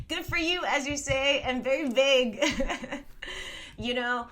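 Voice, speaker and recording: A woman in her thirties hosts a casual live stream with a bright, forceful voice. She rambles freely, laughs often and reads out comments from her viewers. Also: high-pitched, slow, pauses often. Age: 30s.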